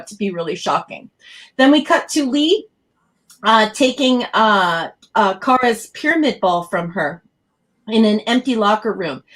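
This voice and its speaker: A woman's voice: mid-range voice, a bit bright. A woman co-hosting a podcast, recapping TV scenes in a chatty way and laughing often. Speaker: podcast co-host. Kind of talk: casual chat reviewing a TV episode.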